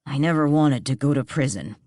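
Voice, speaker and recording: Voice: mid-range voice, lively intonation, a little fast, a little mellow, no echo, studio quality, natural voice. Narrator reading a jittery frightened fugitive man. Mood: nervous. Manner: anxious, pleading. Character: nervous frightened man on the run.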